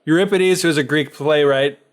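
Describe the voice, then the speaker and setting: A man's voice: medium pitch, normal speed, a bit bright. A man co-hosting a podcast, dropping wry, offhand asides in casual chat. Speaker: podcast co-host.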